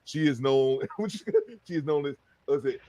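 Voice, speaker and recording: A man co-hosting a live stream, upbeat as he reads super chats and shouts out viewers. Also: on the high side, lively intonation, unhurried, a loud crowd. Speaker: co-host reading super chats.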